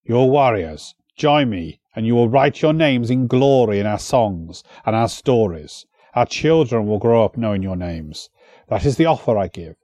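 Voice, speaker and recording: A man's voice: medium pitch, animated, moderate pace, mellow, no echo, lightly acted. A man voicing a one-eyed, commanding warlord chieftain in a storybook reading, his voice raised and angry. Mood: proud, persuasive. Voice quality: furious, commanding.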